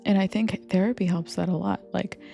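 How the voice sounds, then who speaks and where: A young woman rambling softly in a confiding comfort audio, partly whispered, with lots of fillers. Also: medium pitch, steady tone, fairly quick, gravelly. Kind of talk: soft whispered rambling monologue. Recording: faint music behind. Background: soft background music.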